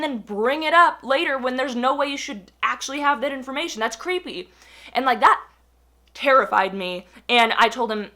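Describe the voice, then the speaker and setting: A young adult woman telling a personal story in a casual, animated way, full of fillers and acted-out quotes. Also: high-pitched, normal speed.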